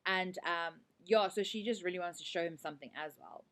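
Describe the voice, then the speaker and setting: South African woman, teacher, relaxed lesson delivery, lower register, chatty filler-heavy explaining. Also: a little fast. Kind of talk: casual lesson explaining a set drama.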